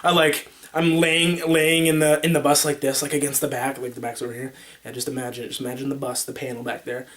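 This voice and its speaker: Brief: male vlogger, rambling animated storyteller, mid pitch, makes his own sound effects. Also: quick pace. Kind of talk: casual storytelling to camera.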